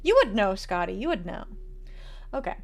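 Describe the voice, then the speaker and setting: A woman streaming a video game, talking casually and reacting with quick, animated remarks. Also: medium pitch, creaky. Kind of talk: casual let's-play commentary.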